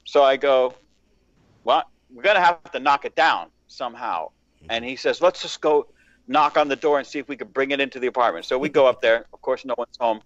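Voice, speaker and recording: A man swaps stories on a casual podcast, profane and animated as he builds the tale. The sound is a bit dull and dry, with no room around it. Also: mid-range voice, a little fast, dry recording. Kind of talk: casual storytelling.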